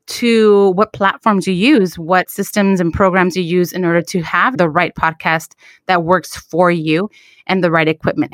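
A woman's voice: mid-range voice, no echo, studio quality. Chatty woman co-hosting a podcast. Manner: chatty, laughing, animated. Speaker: podcast co-host. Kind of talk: casual podcast chat.

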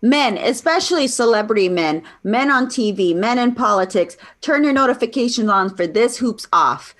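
A woman co-host in a casual podcast, tossing in dry, teasing remarks. Her voice is fairly high and easy-going. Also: animated, moderate pace, a bit bright. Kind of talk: casual sports podcast chat.

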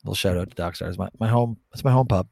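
A man's voice: deep voice, very fast, vocal fry, dry recording. Joking man spinning a story. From Bermuda. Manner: animated, joking, swears for laughs. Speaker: podcast co-host. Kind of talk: casual storytelling chat.

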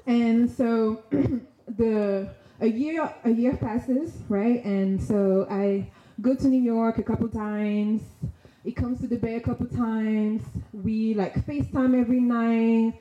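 Animated young woman in a roomy hall. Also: on the high side, takes it slowly. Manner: animated, slangy, laughing often. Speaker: storyteller on stage. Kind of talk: personal story told to an audience. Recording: dull, roomy sound with faint noise.

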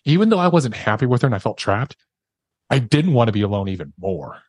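Sex: man, with a middling pitch. Role: podcast guest. Style: candid, emotional storytelling with casual swearing. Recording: dry and close, with little room sound. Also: sing-song, fairly quick, a little mellow, slightly rough, dry recording.

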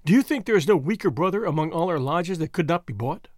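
A man reading aloud, giving an earnest, commanding young man his voice, with lively, rising delivery. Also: a little high, quick pace, no room sound, studio quality, close to an everyday voice. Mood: solemn, grave. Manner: earnest, forceful pleading and solemn speechmaking. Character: bold young man, secret-society member, earnest and commanding.

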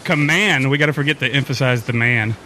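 A man's voice: medium pitch, a little fast, sharp tone, a little hiss or hum. A man hosting a casual podcast chat, joking and laughing easily. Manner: jokey, laughs often. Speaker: podcast host.

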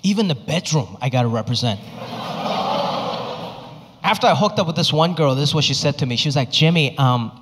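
A man performing a stand-up comedy set, telling stories and acting out his bits with animated delivery. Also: a little high, brisk, pauses often, noisy background. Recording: live stage recording in a reverberant hall.

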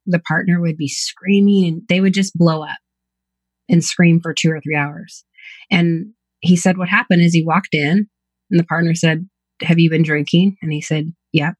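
A lowish female voice comes through a dry recording. The speaker, a psychotherapist being interviewed on a podcast, reflects candidly on her own life and the people she treats.

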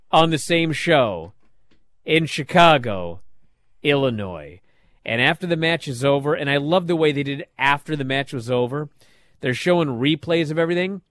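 Animated man recapping wrestling. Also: a little high, no room sound. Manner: animated storytelling, swings loud and soft. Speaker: wrestling show host. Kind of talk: casual recap chat.

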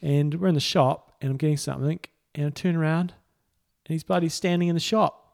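A man's voice: on the high side, fairly even intonation, brisk, creaky, a little mellow. A man, co-hosting a podcast and telling laid-back stories in casual chat. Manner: laid-back storytelling, chuckles through anecdotes. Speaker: podcast co-host and triathlon coach.

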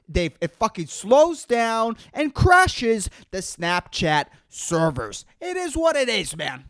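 Swearing podcast host on an animated rant. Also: medium pitch, no echo, clean studio sound. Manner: profane, rambling, repeats words while searching for them; exasperated, calls out to an imagined listener. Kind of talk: solo comedic rant.

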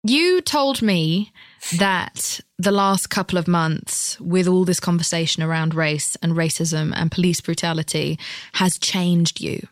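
Host role: a lower-pitched woman asking articulate, supportive questions; dry close sound. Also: unhurried, no room sound. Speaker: interviewer. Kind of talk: interview questions.

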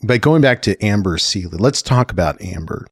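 A middle-aged man with a low, deep voice hosts a podcast in easy, chatty conversation. He laughs often and drifts into quieter asides. The recording is close and dry, with no room sound. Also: animated, moderate pace, slightly rough, no echo. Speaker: podcast host. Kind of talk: casual chat.

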